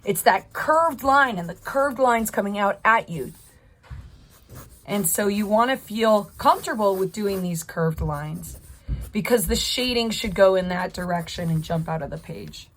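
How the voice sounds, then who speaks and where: A woman teaching a drawing lesson as she sketches, speaking in an encouraging, thinking-aloud way. Her voice sits at an ordinary pitch, with a faint hiss of noise behind it. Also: unhurried, fairly bright tone. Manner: encouraging, talks while drawing. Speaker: art teacher. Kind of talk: live drawing tutorial.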